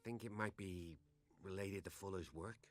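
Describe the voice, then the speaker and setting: Male actor as a troubled soldier patient in a game, very deep voice, hesitant delivery. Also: moderate pace, natural voice. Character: haunted young soldier patient, anxious and sleepless.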